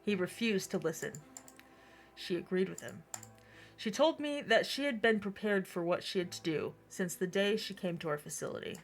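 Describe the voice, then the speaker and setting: A woman's voice: mid-range voice, animated, moderate pace. A woman streaming a game, casually chatting and reading its text aloud, laughing easily and swearing when annoyed.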